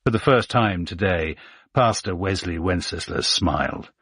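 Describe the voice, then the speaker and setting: A man narrating a thriller audiobook in a measured, even storytelling manner. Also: low-pitched, husky, no room sound, clean studio sound.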